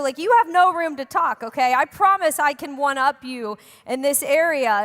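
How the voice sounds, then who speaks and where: In a church hall with long, echoing reverb, a pastor delivers her sermon. She's a young woman whose voice is high and a little bright, and she keeps things chatty, trading jokes with the congregation.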